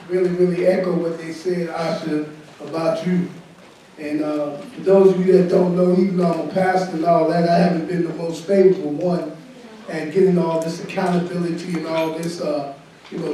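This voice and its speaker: A high-pitched man, a pastor, gives frank, folksy panel remarks in a preacher's cadence. He sounds distant and the hall rings with heavy echo. Faint noise sits beneath his voice. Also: flat delivery, normal speed, dark tone. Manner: informal, candid, preacherly. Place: conference room at a summit. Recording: echoey hall, from far off.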